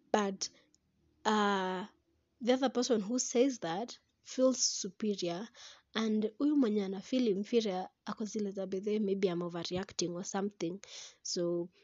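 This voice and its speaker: A young woman, talking casually to camera about relationships in a chatty, animated way. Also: mid-range voice, no room sound, muffled recording. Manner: chatty and animated, breaks into laughter, slips into Swahili. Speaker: vlogger.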